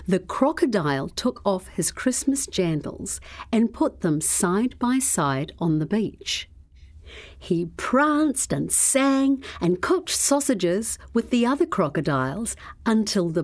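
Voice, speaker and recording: A woman reading a children's story aloud in a slow, expressive, measured way. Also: mid-range voice.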